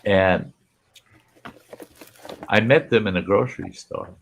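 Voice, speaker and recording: A man hosts a relaxed campfire-style chat and spins long, rambling anecdotes. His voice is very deep and gravelly with a husky edge. He takes his time, acting out other people's lines as he goes. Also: takes it slowly, a little hiss or hum. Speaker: host. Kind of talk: casual campfire storytelling chat.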